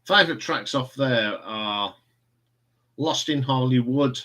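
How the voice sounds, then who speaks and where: A man's voice: medium pitch, slow pace, bright, forceful tone. A man in casual, rambling chat, hosting a live stream from home. He answers viewer comments as they come in, chuckling often. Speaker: live stream host reviewing records.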